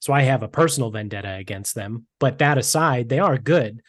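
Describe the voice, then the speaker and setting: A man's voice: medium pitch, expressive, a little fast, dry recording. Rambling young man. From Massachusetts. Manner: rambling, filler-heavy with lots of "like". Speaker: podcast co-host. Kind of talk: casual chat.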